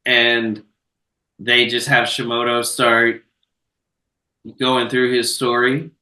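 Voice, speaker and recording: A man co-hosting a podcast, casually recapping a movie scene by scene, swearing freely and slipping into quick quoted voices. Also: medium pitch, completely flat delivery, sharp tone. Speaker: podcast co-host. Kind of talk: casual film discussion. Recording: roomy, echoey, off-mic sound.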